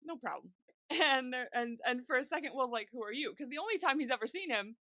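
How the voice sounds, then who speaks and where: A woman's voice: sits high, lively intonation, a little fast, sharp tone, no echo. A woman co-hosting a podcast, retelling TV scenes in casual chat and acting out the characters' lines with frequent laughter. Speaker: podcast co-host.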